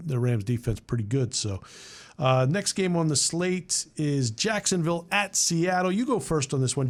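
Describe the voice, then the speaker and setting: A man hosting a sports betting show, giving his picks in casual, blunt chat with halting fillers. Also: medium pitch.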